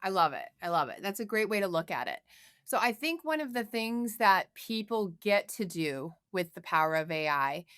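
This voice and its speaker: A woman's voice: mid-range voice, very animated, normal speed, fairly bright tone, clean tone, no echo, clean studio sound. A woman guest on a podcast, explaining things in a friendly way and often quoting imagined voices. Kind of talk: casual podcast chat.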